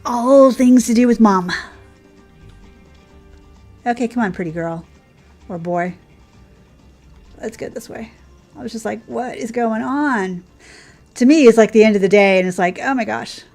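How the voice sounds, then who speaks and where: A woman's voice: medium pitch, moderate pace, pauses often, a little mellow, faint music behind. A woman hosting casual gameplay commentary, chatting in a rambling way and cooing at the horses on screen. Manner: chatty and rambling, coos at her horses, laughs often. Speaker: gaming channel host.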